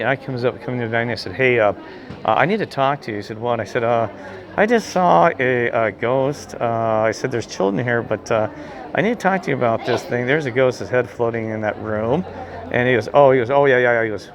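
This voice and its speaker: A man telling a rambling, excitable story in casual chat, gesturing as he talks outdoors. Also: medium pitch, brisk. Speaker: vlogger telling a ghost story.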